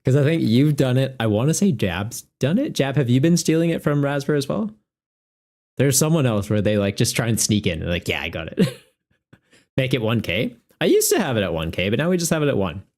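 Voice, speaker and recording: A man's voice: mid-range voice, sing-song, fairly quick, a little mellow. A man chatting casually on a live stream as a tournament organizer, laughing often and joking with his viewers.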